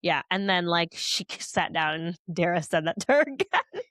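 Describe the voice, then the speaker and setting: A woman's voice: lowish voice, big pitch swings, moderate pace, fairly bright tone, dry recording, studio quality. A young woman co-hosting a podcast in casual chat, chatty with lots of fillers and laughs. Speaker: podcast co-host.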